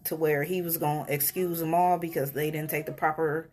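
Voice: medium pitch, a little fast. Laid-back co-host in casual chat. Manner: laid-back, relaxed storytelling.

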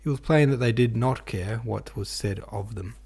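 A man reading a classic novel aloud as an audiobook narrator, with a measured, even delivery. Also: medium pitch, gravelly, breathy edge. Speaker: podcast host and audiobook reader.

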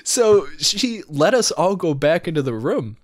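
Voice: medium pitch, sing-song, unhurried. A young adult telling a wild party story in casual chat, swearing often, laughing, and saying "dude" and "like" a lot. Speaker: podcast storyteller.

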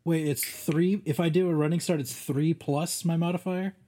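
A man taking part as a player in a casual tabletop game. His voice is slightly high and a little husky, and he jokes, stumbles over words and laughs easily. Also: fairly even intonation, normal speed, mellow. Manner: joking, stammering, giggly.

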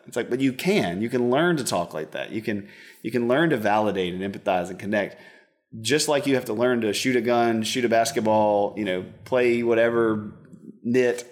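Low-voiced counselor man, rambling. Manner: earnest, rambling, acts out quoted dialogue. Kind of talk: casual interview talk.

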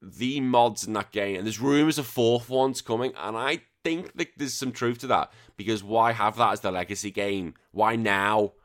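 A man's voice: lowish voice, moderate pace, hardly any pauses. A man hosting a podcast, giving his opinions in a casual solo ranting commentary with lots of restarts. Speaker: podcast host.

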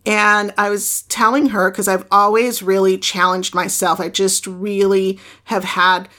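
A middle-aged woman hosting a podcast, telling casual stories in a chatty, animated way and acting out the voices she quotes. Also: mid-range voice, unhurried. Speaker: podcast host. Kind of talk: casual storytelling monologue.

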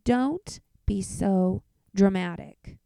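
A woman's voice: medium pitch, very slow, creaky, dark tone, no echo. A woman playing a fed-up storybook mom. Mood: exasperated. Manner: firm and bossy. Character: exasperated no-nonsense mother.

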